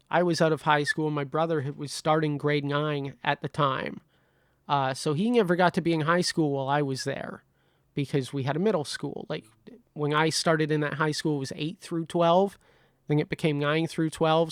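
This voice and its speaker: Recorded dry with studio quality, this man's fairly high voice belongs to a podcast host. He's animated, relating a funny story in a relaxed way, cursing freely and performing the quoted lines himself.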